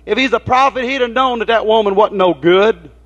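A preacher putting on a sneering gossip with a drawl. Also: male voice, sits high, fairly quick, a bit bright, voice pushed up. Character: scheming gossiping male disciple, sneering. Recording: dull lo-fi recording.

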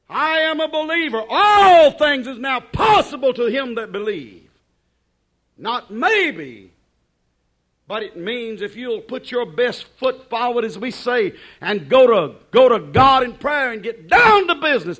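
A man preaching a sermon in an emphatic, repetitive cadence, dropping to hushed asides and rising to shouted declarations. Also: very high voice, expressive, slow pace.

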